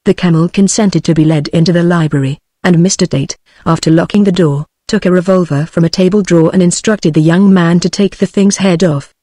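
A text-to-speech woman's voice with a British English accent, reading a story in even, machine-smooth narration. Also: fairly low pitch, brisk, few pauses, no room sound, clean studio sound. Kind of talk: synthetic audiobook narration.

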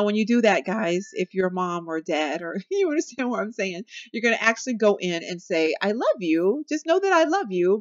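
A woman's voice: mid-range voice, dry recording, dull audio. A young woman giving chatty, casual commentary over her gameplay, talking straight to her viewers and laughing often. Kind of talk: casual let's-play commentary.

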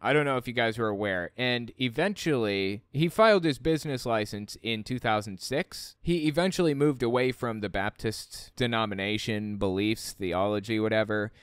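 A host reads a book aloud with casual commentary, sounding incredulous and exasperated as he questions what's on the page. His voice is smooth, resonant, and lowish, at a moderate pace with few pauses. The recording is close and dry, with no room sound.

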